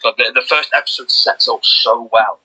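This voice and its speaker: A man co-hosting a podcast in casual chat, talking excitedly with lots of restarts. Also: medium pitch, normal speed, husky, low-quality recording. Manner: excited, rambling with many restarts. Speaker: podcast co-host.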